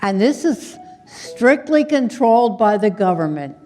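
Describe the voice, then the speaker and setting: A woman's voice: fairly high pitch, sing-song, measured pace, a little mellow, faint music behind. Woman puppeteer in a reverberant hall. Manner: chatty, explaining, scolding a puppet in fun. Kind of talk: live puppet show narration.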